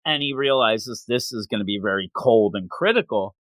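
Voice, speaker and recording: In a fairly low voice at a moderate pace, a podcast host casually recaps a manga chapter. He tells it with animation, putting on silly voices for the characters, and there's no room sound.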